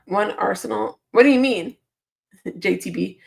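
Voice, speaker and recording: A woman's voice: mid-range voice, measured pace, gravelly, a little mellow. Woman, live stream host, casual chat, sleepy, reads comments aloud, laughs often. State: sleepy, yawning early in the morning. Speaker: football channel host reading live chat.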